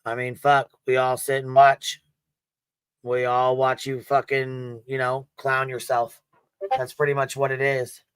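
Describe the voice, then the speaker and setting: A man sits in as a livestream panel guest, ranting bluntly and swearing freely. His voice stays flat and even but clear and smooth. The sound is dry and close. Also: mid-range voice, measured pace, no room sound. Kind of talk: heated casual commentary.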